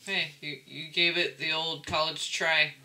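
A man's voice: on the high side, flat delivery, measured pace, pushed and bright, slight background noise, poor audio. A man giving a casual tarot reading, rambling and often checking in with the listener. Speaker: tarot reader.

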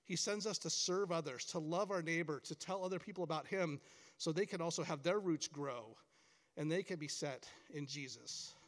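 A middle-aged man on the camp staff gives a chapel talk to schoolchildren in a large hall, his voice on the high side at a moderate pace. He's encouraging and tells lots of stories, acting out quoted lines, with long hall reverb on the recording.

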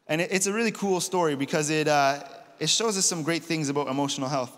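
A man's voice: fairly high pitch, fast, fairly bright tone. Casual preaching man in a reverberant hall. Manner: conversational storytelling, retells scripture in casual paraphrase. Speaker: pastor. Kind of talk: sermon. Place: church auditorium.

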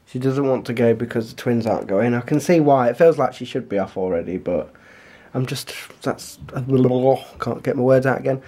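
A man chatting casually to camera as a family vlogger, rambling in a homely way at home, recorded on a handheld compact camera. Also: normal speed. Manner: chatty, rambling, homely; softer and lower on asides.

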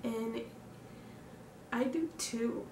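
A woman's voice: on the high side, extremely slow. A young woman talking openly to camera in a personal vlog, reflective and hesitant, breathing hard from nerves. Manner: reflective and candid, with hesitant fillers and sighs. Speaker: vlogger. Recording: echoey room, distant mic, background noise.

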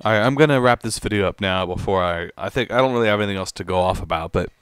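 A man's voice: fairly low pitch, rapid-fire, a bit bright, clear, resonant tone, dry recording, clean studio sound. A man ranting in commentary, exasperated and stammering, often repeating words as he reacts. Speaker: commentary YouTuber.

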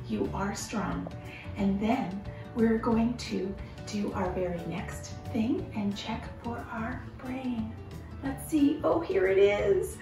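A woman at home leading a gentle, encouraging children's movement and singing lesson. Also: a little high, takes it slowly, distant mic, faint music behind. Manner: gentle, encouraging, sings along. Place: her home. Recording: roomy, from away from the mic.

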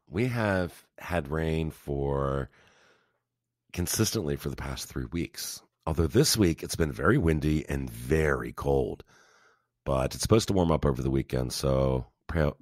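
A man co-hosting a podcast, chatting casually and telling stories with lively emphasis. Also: extremely low pitch, unhurried, no room sound, studio quality. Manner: animated, emphatic storyteller. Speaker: podcast co-host. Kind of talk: casual conversational chat.

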